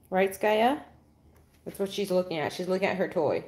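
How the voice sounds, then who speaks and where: A woman's voice: lowish voice, lively intonation, slow pace, long pauses, a little mellow. A woman hosting a live stream, talking playfully to her dog in baby-talk and laughing often while answering viewers. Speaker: dog channel host.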